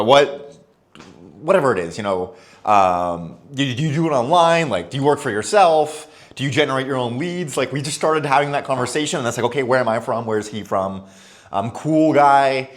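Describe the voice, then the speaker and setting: A young man talking casually into the camera, giving friendly advice in a loose, conversational way and acting out bits of dialogue. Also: mid-range voice. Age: young adult. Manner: chatty, loose and conversational, acts out little dialogues. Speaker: expat vlogger.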